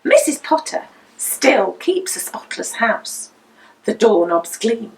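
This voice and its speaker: Lady reading a kids story slow and sing-songy, voice all over the place, bit far from the mic. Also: fairly high pitch. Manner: expressive, sing-song read-aloud delivery. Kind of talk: reading a picture book aloud.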